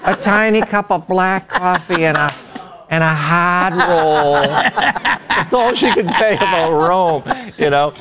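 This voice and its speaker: A man's voice: high-pitched, takes it slowly, long pauses, a crowd in the background. Rambling man telling anecdotes. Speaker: panelist. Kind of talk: talk show chat.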